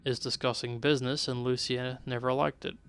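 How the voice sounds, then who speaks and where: A man's voice: medium pitch, flat delivery, fairly quick, creaky, a bit bright, a little hiss or hum. A man voicing a scheming female demon boss with an Eastern European accent, speaking cool, broken, formal English. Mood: cool, businesslike. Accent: Eastern European, put on.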